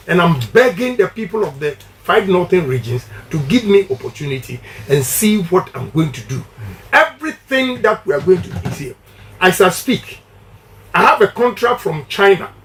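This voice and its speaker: A man's voice: high voice, slight background noise. A middle-aged man with a Ghanaian English accent, giving a campaign interview in an emphatic, preacher-like cadence with repeated slogans. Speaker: politician giving a radio interview.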